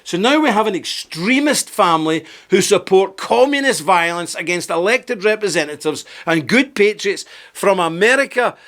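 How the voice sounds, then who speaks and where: A man's voice: sits high, animated, normal speed, hardly any pauses, a bit bright. A man delivering indignant, sarcastic video commentary.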